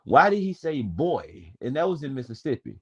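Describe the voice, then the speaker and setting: A man in his late twenties tells a story in a loose, casual way, his voice sitting at an ordinary middle pitch. He is wordy and digressive and swears freely as he goes. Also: sing-song, normal speed, slightly rough, muffled recording. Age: 20s. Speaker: panel speaker.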